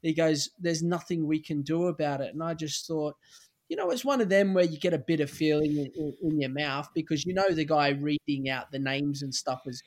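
A man's voice: fairly high pitch, fairly quick. An Australian man in his forties, a podcast guest telling candid, rambling stories with casual swearing. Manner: relaxed anecdotal, many fillers, casual swearing. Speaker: podcast guest, former footballer. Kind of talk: candid storytelling chat.

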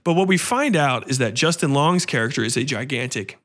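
A man hosting a podcast, retelling a horror film in a casual, profane, animated way. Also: mid-range voice, brisk. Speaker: podcast host. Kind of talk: casual film review chat.

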